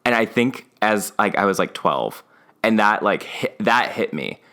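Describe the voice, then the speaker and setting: Animated young man telling a story. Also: a little slow. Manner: animated storyteller who acts out family members' lines in a high, wavering voice. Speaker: podcast co-host. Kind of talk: casual chat, personal storytelling.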